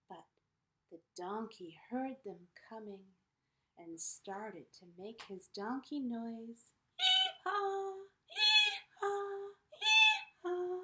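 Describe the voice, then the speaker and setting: A teacher telling a story to children in an expressive way, dropping into whispers at times. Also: female voice, medium pitch, takes it slowly, pauses often, poor audio. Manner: animated, expressive, drops to whispers.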